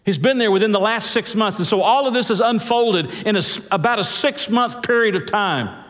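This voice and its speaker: A man's voice: moderate pace, a bit bright. Preaching man in an echoey hall. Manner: preaching with big swings of pitch, stretched words for emphasis. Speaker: pastor. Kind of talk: sermon. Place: large church hall.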